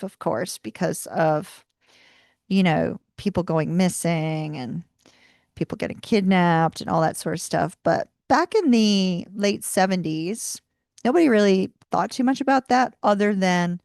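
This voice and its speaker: This is a woman in her fifties who hosts her own livestream and tells a long personal story. She is chatty and animated and keeps throwing in asides. Her voice has a gravelly texture, recorded close and dry. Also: on the low side, no echo. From United States. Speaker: tarot channel host.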